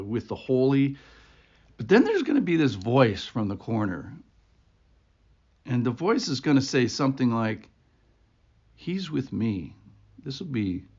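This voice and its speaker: A man's voice: mid-range voice, darkish tone. A man hosting a devotional podcast, speaking in an earnest, conversational, reflective way. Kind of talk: informal devotional talk. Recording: dull lo-fi recording.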